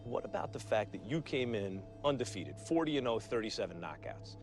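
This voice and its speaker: A man's voice: on the low side, sing-song, brisk, vocal fry, soft background music. A man hosting a broadcast sports interview, asking polished, leading questions of retired boxers. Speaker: interviewer, co-host.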